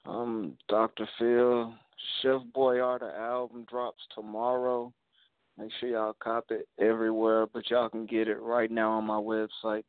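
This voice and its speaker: A man's voice: mid-range voice, level tone, a little slow, smooth, no room sound. Laid-back Alabama man on a tinny line. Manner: laid-back slang, promotional shout-outs. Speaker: rapper guest. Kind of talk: casual interview over a call. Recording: tinny phone-like call audio, dry.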